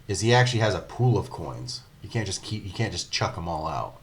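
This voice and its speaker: Deep-voiced rambling male podcaster. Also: sing-song, fairly quick. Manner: rambling, filler-heavy, laughs often. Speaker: podcast co-host. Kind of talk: casual gaming podcast chat.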